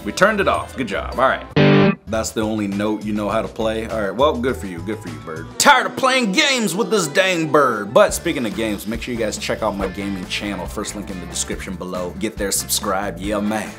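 A young man doing casual gameplay commentary as a YouTuber, excitable and joking, with loud exclamations. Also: on the low side, moderate pace, over music.

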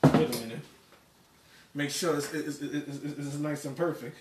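A man's voice: fairly high pitch, steady tone, normal speed, noisy background. A man hosting a home cooking live stream, stammering and repeating words as he chats with viewers. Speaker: cooking show host. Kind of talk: casual live-stream chat. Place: home kitchen. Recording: echoey kitchen, distant mic.

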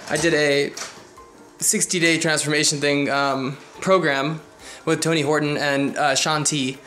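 A man's voice: on the high side, bright, forceful tone. Chatty playful young man vlogging. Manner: playful, chatty, laughs often. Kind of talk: casual vlog talk to camera. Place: indoors at home. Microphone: phone camera held by hand.

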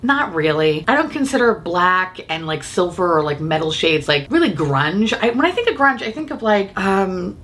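A woman's voice: lowish voice, normal speed, few pauses. A woman, a beauty YouTuber, chatting casually about makeup, swearing freely and laughing often. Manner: profane, giggly, animated and opinionated.

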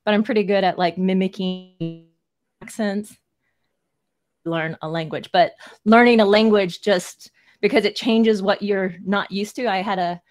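A woman's voice: mid-range voice, steady tone, a little slow, a little mellow, faint music behind. A woman from Texas with a mild Texan accent, co-hosting an interview and chatting casually. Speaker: co-host.

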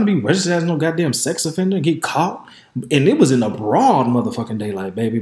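In an echoey room, a man with a somewhat high, slightly mellow voice hosts a podcast, talking quickly and with great animation. He shares a candid story in a frank, conversational way, addressing his audience straight on.

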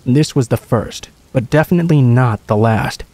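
A man reading true horror stories aloud in a calm, even storytelling manner. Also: medium pitch, moderate pace, dry recording. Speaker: narrator. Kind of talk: scripted narration of horror stories.

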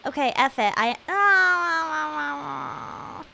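A young woman streaming a video game live, rambling and joking at herself, swinging from mumbled asides to loud excited bursts. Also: high voice, extremely slow, gravelly, slight background noise. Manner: rambling, self-mocking, jumps between mumbling and loud excitement. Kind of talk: live gameplay stream chatter.

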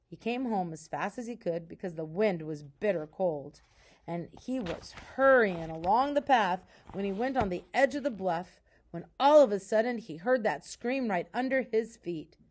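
A woman reads a children's novel aloud like a teacher at story time. Her voice is calm and soft, with an even, unhurried delivery. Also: medium pitch.

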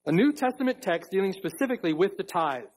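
Emphatic high-voiced preacher, husky tone. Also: male voice, animated, darkish tone, rough recording. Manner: emphatic preaching, repeats key phrases, slows for stress. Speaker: pastor. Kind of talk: sermon. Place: church sanctuary.

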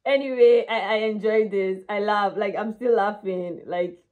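A woman from Nigeria with a Nigerian accent, hosting a casual, chatty reaction video in an excitable way. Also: mid-range voice, unhurried, narrow, tinny audio. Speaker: YouTube reaction host.

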